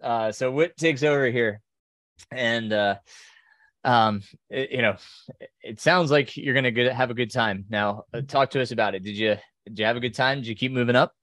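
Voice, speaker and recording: A man's voice: mid-range voice, normal speed, fairly bright tone, dry recording. A man hosting a podcast interview in a casual, chatty way, laughing often as he listens. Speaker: podcast host.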